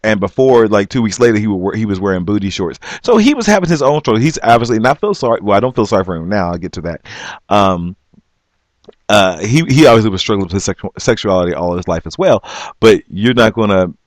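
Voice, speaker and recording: A man earnestly telling his own story on a vlog, halting and restarting often but emphatic. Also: on the low side, animated, no echo, studio quality. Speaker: vlogger. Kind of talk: personal storytelling.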